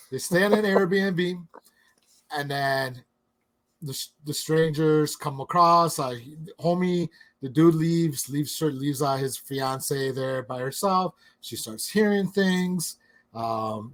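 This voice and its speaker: A man co-hosting a movie review podcast, sarcastic and blunt, swearing freely. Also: a little high. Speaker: podcast co-host. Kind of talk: casual movie review chat.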